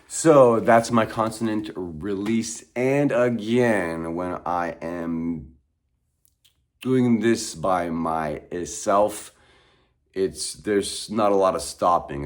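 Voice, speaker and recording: A man leading a vocal warm-up, talking deliberately slowly and drawing out every vowel as he explains and drills single words. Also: sits low. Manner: drawn-out elongated vowels, deliberately slow delivery.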